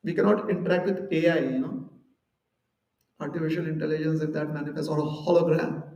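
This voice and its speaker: In an echoey temple hall, a man gives a conversational devotional talk, heard from some distance. His voice is high and gravelly yet darkish, steady in tone and a little fast, and he explains ideas with everyday examples and small acted-out quotes.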